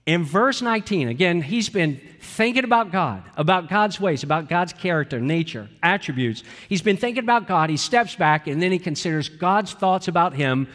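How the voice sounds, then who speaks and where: A man's voice: high voice, lively intonation, normal speed, few pauses, a bit bright, in a large hall. A man preaching a sermon as a pastor, emphatic, acting out quoted prayers with growing intensity.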